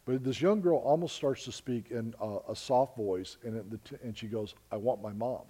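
A man's voice: mid-range voice, normal speed, dark tone, breathy edge. A man preaching earnestly, telling stories to the congregation and calling them folks. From United States. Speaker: preacher and missionary. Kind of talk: sermon storytelling.

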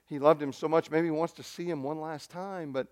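A male pastor preaching a sermon, moving between loud emphatic declarations and soft, near-whispered passages as he retells a scripture story. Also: on the high side, steady tone, a little fast.

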